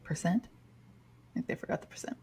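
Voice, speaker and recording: A woman's voice: moderate pace, darkish tone, slight background noise. A woman co-hosting a podcast, chatting casually and reading listener comments aloud, amused and laughing often. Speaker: podcast co-host.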